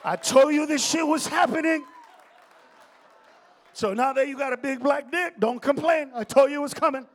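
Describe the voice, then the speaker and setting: A middle-aged male comedian works a live stage set, his voice sitting high for a man. He rants in a profane rhythm and jumps into loud shouted bursts, addressing the crowd directly. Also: moderate pace, pauses often. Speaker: stand-up comedian. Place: stage before a live audience.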